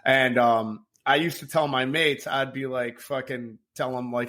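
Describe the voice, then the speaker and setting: A man co-hosting a podcast, telling stories in a profane, animated way. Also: medium pitch, unhurried. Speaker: podcast co-host. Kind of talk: casual chat.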